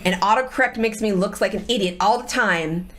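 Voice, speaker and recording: A woman's voice: medium pitch, brisk. A middle-aged woman, a guest and the host's wife, telling a personal story in candid conversation and acting out the voices of people she quotes. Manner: animated, acts out quoted voices.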